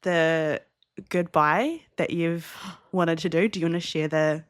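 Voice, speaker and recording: A woman's voice: deep voice, fairly even intonation, unhurried, clean tone. A woman co-hosting a café podcast in a casual chat, playful and fond of light jokes. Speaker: podcast co-host.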